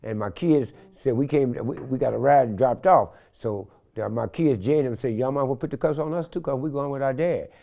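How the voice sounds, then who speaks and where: A man's voice: medium pitch, brisk, gravelly, few pauses. An older man, telling a wild story in an interview and acting out the voices in it. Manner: animated storyteller acting out quotes in loud shifts. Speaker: interview guest.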